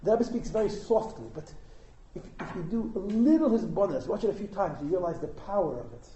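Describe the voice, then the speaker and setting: A man teaching at an informal Hasidic gathering, an animated storyteller who fires rhetorical questions and chuckles at his own asides. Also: sits high, brisk, slight background noise. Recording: echoey room.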